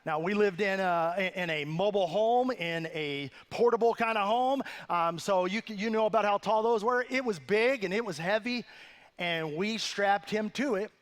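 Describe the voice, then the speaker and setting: A man's voice: sits high, moderate pace. A man preaching a sermon as pastor, telling a humorous family story in a conversational, self-deprecating way with asides to the congregation. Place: church sanctuary.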